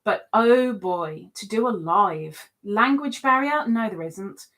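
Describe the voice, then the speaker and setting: A woman's voice: mid-range voice, animated, takes it slowly, a bit bright. A woman hosting a casual live stream, reading out viewers' comments and answering them in a teasing, chatty way.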